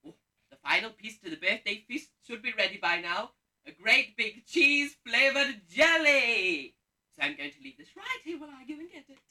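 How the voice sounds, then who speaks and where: A man's voice: extremely high pitch, expressive, moderate pace, heavily acted. A man playing a brash pantomime dame cook. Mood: rousing. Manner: loud, camp, bossy, rouses the audience. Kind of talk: live pantomime stage acting. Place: theatre stage. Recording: distant stage sound from the hall.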